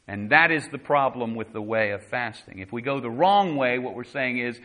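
A man preaching a sermon with passion, reading scripture and dropping from hushed tones to loud bursts. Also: medium pitch, moderate pace. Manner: reads scripture aloud in King James wording. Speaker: pastor.

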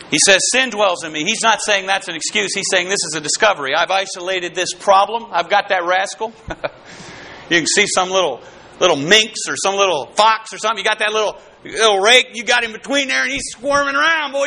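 Man, preacher, very high voice, sharp bright tone, fervent sermon, shouts now and then. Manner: fervent, calls out to the congregation, bursts into shouts.

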